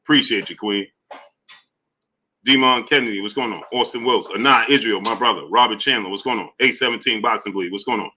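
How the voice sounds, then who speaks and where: Man with a bright voice greeting live-stream viewers. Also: lowish voice, brisk. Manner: loose, repetitive shout-outs in a friendly drawl, slips into slang. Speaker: host of a live boxing talk stream. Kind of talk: casual live-stream chat, reading out viewer names.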